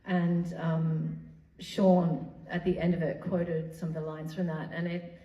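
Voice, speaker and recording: A woman's voice: on the low side, level tone, unhurried. A woman speaking thoughtfully as a guest on a convention panel. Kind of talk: casual panel talk. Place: large convention hall. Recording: distant, dull echoey hall sound.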